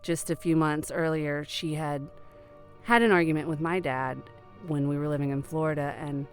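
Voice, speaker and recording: A middle-aged woman telling a personal story in a conversational, earnest way, sometimes hushed. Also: deep voice, fairly even intonation, normal speed, faint music behind.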